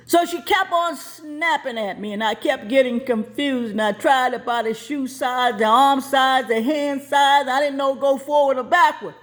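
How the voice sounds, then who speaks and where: A woman's voice: high voice, moderate pace, hardly any pauses. A woman telling a personal story in a folksy, plain-spoken way with colloquial grammar, acting out the voices as she goes. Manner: lively, acts out voices as she tells.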